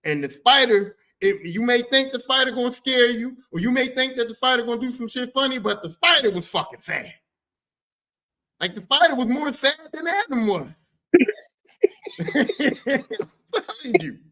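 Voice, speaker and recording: A man hosting a podcast, telling movie stories in an animated, profane, slangy way. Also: extremely high pitch, moderate pace, low-quality recording. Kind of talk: casual chat about movies.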